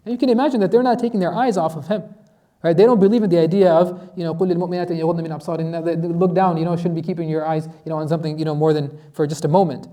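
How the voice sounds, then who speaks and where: Guy imam giving a quick lively lesson, high-ish voice but mellow, asks the crowd questions a lot. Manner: animated storytelling, rhetorical questions, acts out quotes. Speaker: imam teaching tafsir. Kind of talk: conversational Quran lesson.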